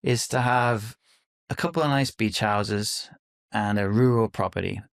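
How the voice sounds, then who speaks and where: A man's voice: lowish voice, a little slow, creaky, dry recording, clean studio sound. A middle-aged man from the UK, a podcast guest talking thoughtfully and hesitantly, with many fillers and restarts. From United Kingdom. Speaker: podcast guest, company founder. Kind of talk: casual interview conversation.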